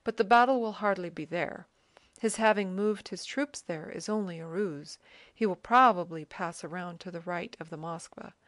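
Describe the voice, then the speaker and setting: A proud, self-assured army officer eagerly explains and points things out in a dry, close audiobook reading, as a woman reads him. The voice sits a little low for a woman and is only a slight turn from her own. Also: moderate pace, no echo, natural voice. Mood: explaining.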